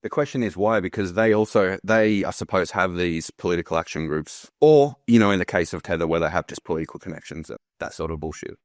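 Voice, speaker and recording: A man with a very low voice argues his case in a casual online group discussion. He presses the others with pointed questions. The sound is dry and close. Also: fast talker, hardly any pauses, no room sound. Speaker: discussion participant.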